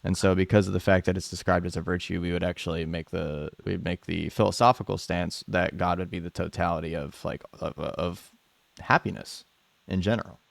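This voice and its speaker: A man's voice: low-pitched, fairly even intonation, fairly quick, gravelly, no room sound. A man hosting a live debate stream, talking in a laid-back, casual way with many filler words. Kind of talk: casual chat.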